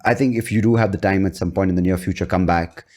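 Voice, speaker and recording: Chatty host guy, lowish voice, just telling stories in a casual podcast. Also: fairly even intonation, quick pace, darkish tone. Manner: chatty, acts out others' voices in quotes. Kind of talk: casual interview talk.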